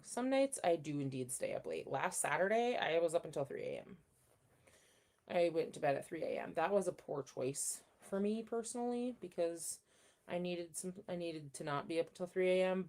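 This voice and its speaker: A woman's voice: lowish voice, a little mellow. A young woman hosting a casual livestream, chatting and reading out viewer comments in a rambling, friendly way. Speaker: livestream host. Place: home room.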